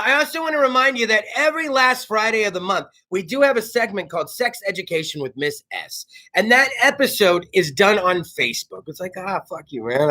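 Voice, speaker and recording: A high-pitched man from South Texas hosts an informal talk show. Loud and swearing freely, he gets worked up and often shouts while promoting sponsors.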